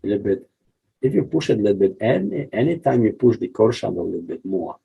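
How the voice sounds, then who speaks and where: Low gravelly man teaching drawing. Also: big pitch swings, fast, narrow, tinny audio. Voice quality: deep gravelly husky voice. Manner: rambling, frequent "yeah?" and "you see" checks. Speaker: art instructor. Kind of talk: drawing tutorial walkthrough.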